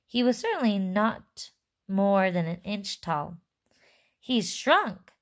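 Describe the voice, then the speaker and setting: Lady reading a kids book out loud, stops to chat and fix her slips. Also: mid-range voice, unhurried. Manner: chatty asides, self-corrections. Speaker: reader. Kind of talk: reading a children's book aloud with asides.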